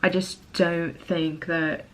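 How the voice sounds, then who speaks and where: A young American beauty vlogger talks through a casual makeup tutorial on her home camera, rambling, giggling and poking fun at herself, with "like" everywhere. Her voice sits on the low side and is a bit bright, delivered flatly at a slow pace. There's slight background noise.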